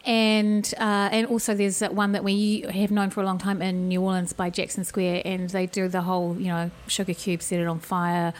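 Woman, New Zealand accent, casual podcast chat, lively storyteller, laughs often. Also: medium pitch, moderate pace, few pauses.

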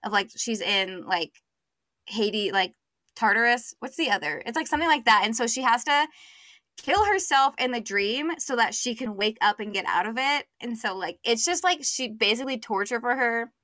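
A young woman talks through a book she loved on a podcast, chatty and full of fillers. Her voice is bright and on the higher side. The sound is dry and close. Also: lively intonation, normal speed, dry recording. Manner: chatty, many fillers, acts out quotes. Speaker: podcast co-host. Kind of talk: casual book chat.

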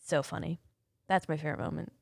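A woman's voice: low voice, fairly even intonation, quick pace, creaky, a little mellow, no room sound. A woman chats casually as she reviews a TV episode. She is blunt, laughs easily and swears freely. She acts out scenes with funny sound effects. The room sounds dry and close. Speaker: podcast co-host.

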